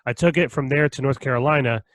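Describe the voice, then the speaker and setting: A young man co-hosting a podcast, telling stories in an animated, profane way with frequent laughs. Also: medium pitch, fast, no echo. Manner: animated storytelling, heavy swearing and laughter. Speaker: podcast co-host. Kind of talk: casual chat.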